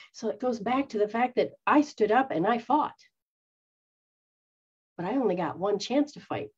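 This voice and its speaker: A woman's voice: a little high, animated, normal speed, pauses often, darkish tone, breathy edge. A woman who is a psychic medium and spiritual teacher, talking earnestly to her followers and acting out quoted voices. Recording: dull lo-fi sound.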